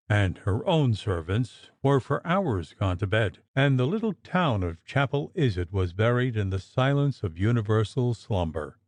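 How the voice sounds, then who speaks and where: Slow, expressive male audiobook narrator. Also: mid-range voice, no echo. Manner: measured, expressive storytelling.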